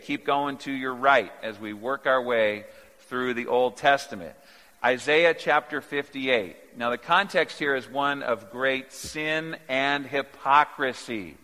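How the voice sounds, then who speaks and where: A man preaching a sermon, swinging from quiet, low asides to loud, emphatic peaks. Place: church sanctuary. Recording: long reverb of a large hall.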